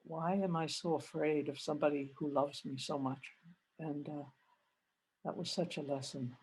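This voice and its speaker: An older Canadian woman, a religious sister, giving a gentle reflective retreat talk over a video call and telling personal stories with rising feeling. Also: low-pitched, normal speed, breathy edge. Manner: gentle, reflective, grows animated retelling stories. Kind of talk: spiritual reflection with personal storytelling.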